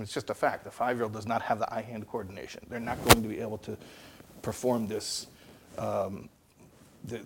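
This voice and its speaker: A man giving an animated lecture, telling stories and asking rhetorical questions. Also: medium pitch, slight background noise. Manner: storytelling with rhetorical questions and acted-out dialogue.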